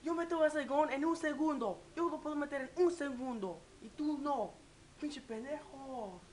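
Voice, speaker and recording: A woman voicing a loud, angry Mexican parent who shouts insults at a soccer game on TV. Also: high voice, moderate pace, pitched above the performer's own voice, lightly acted. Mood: boastful ranting.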